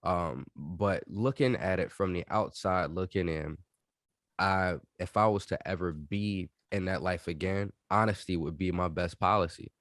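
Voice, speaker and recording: Brief: low-voiced man, thirties, lively podcast banter, dry close sound. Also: unhurried, no echo. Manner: animated, swears freely, laughs often. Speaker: podcast co-host. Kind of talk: casual chat.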